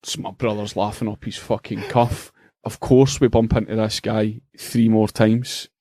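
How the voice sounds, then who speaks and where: A middle-aged Scottish man co-hosting a podcast, telling a funny story in an animated, profane way and laughing as he goes. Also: fairly low pitch, a little slow, no room sound, studio quality. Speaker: podcast co-host. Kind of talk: casual storytelling chat.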